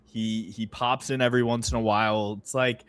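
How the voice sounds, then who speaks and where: A man's voice: lowish voice, normal speed, clean tone. A man co-hosting a casual podcast chat, telling stories with lots of laughter and swearing. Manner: laughs a lot, profane, animated storytelling. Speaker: podcast co-host.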